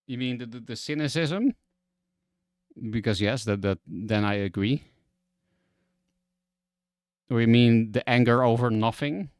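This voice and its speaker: A young Dutch man streams and comments in a loose, ranting way, his Dutch accent clear and his patience short. He talks with an even, mid-height voice. The sound is dry and close, with hardly any room in it. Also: mid-range voice, a little slow, pauses often, no room sound. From Netherlands. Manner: exasperated, ranting, swears.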